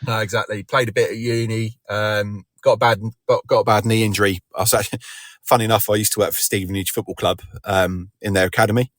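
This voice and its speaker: Podcast co-host: guy, very low voice, dry close sound, rambling modest chat. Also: little pitch movement, fast talker, no echo. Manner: rambling, self-deprecating, many restarts. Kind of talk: casual chat.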